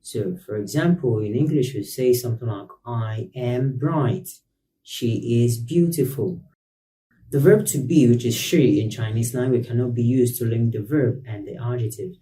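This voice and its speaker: A man teaching a beginner language lesson as the host. He explains patiently and repeats each word slowly. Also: medium pitch, mellow. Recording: roomy echo, distant mic.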